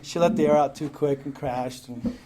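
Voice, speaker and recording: Speaking at a moderate pace in a high-leaning voice, a man rambles through his story at a recovery meeting, joking and cursing as he goes. It's a very noisy live recording from a crowded room, full of audience laughter.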